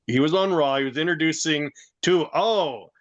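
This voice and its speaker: Man, podcast co-host, casual chat, excitable storytelling, fairly high voice. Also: normal speed. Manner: excitable storyteller, laughs often.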